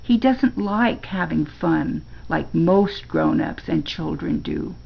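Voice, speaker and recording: An older woman reading a storybook aloud and voicing a smooth, manipulative male ruler who speaks in a slow, knowing, falsely kind way. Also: low voice, expressive, dull audio, exaggerated voice.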